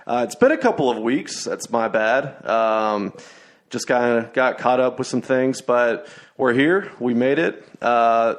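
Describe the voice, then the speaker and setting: A man's voice: medium pitch, a little slow. A young man hosting a podcast, telling rambling stories in casual chat with lots of fillers and restarts. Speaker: podcast host.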